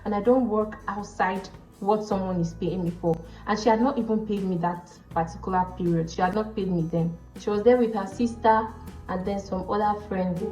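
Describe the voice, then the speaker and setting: A young Nigerian woman vlogger telling stories about her work as a makeup artist, with a Nigerian accent and an animated manner, acting out the people in her stories. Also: medium pitch, moderate pace. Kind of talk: storytelling chat to camera. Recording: roomy, slightly dull sound with faint music behind.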